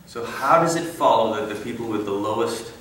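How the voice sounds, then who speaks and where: A man's voice: fairly low pitch, brisk, fairly bright tone, slight background noise. Conversational man in a roomy hall. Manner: conversational, self-interrupting, wry asides. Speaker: conference speaker. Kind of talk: church conference talk. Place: large room. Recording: echoey room, mic at a distance.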